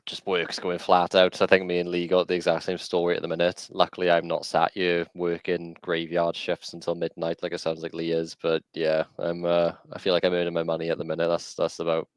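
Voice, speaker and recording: A man's voice: sits low, monotone, brisk, hardly any pauses, smooth, dry recording. A man co-hosting a casual podcast over a video call, rambling and opinionated with frequent restarts. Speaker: podcast co-host.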